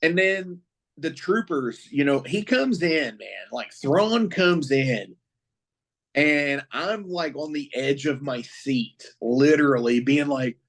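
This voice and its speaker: A man co-hosting a podcast, chatting casually with a profane, excitable fan's rambling. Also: on the high side, slow. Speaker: podcast co-host. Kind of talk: casual chat.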